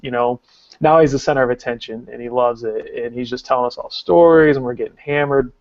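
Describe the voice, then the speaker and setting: A man in his thirties, co-hosting a podcast, telling a long story in a casual, excitable, rambling way with lots of "like.". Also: medium pitch, dry recording, muffled recording. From Arkansas. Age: 30s. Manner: rambling, excitable, heavy use of "like". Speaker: podcast co-host.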